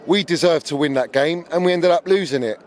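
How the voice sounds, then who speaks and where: A man's voice: on the high side, brisk. A man giving his blunt, opinionated view of a lost match as a fan being interviewed outdoors. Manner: blunt, opinionated, building to anger. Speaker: football fan guest. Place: outdoors on a city street.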